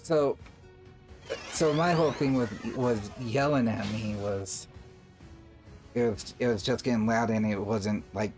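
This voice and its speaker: Measured male co-streamer giving soft replies, faint music behind. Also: on the low side. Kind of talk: casual chat.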